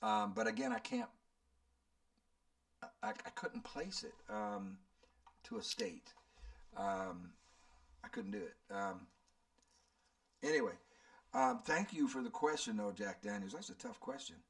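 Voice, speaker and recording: A man's voice: fairly low pitch, huge pitch swings, unhurried, gravelly, pauses often, far from the mic. A man in his seventies, a channel host, rambling and thinking aloud as he answers viewer questions. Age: 70s. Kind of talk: casual Q&A chat.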